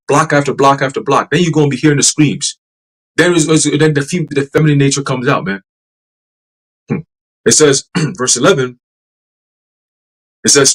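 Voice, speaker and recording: Man with a slightly high voice, profane and emphatic casual preaching. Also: a bit bright, husky, rough recording.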